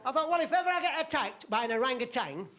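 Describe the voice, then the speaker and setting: A male stand-up comedian delivering a punchline slowly and giggling. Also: very high voice, animated, heavy background noise.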